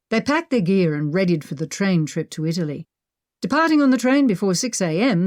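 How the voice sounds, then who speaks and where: Low-voiced woman narrating an audiobook. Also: dry recording, studio quality. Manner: steady, measured.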